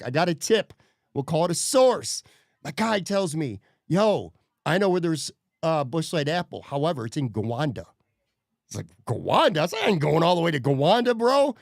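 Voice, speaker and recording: Swearing and heated, a podcast host rants his way through a story in a voice on the high side. It's a studio-quality recording without echo.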